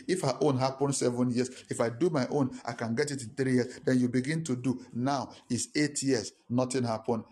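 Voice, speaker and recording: A man preaching a lively sermon as pastor, repeating phrases and leading call-and-response. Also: medium pitch, slightly rough.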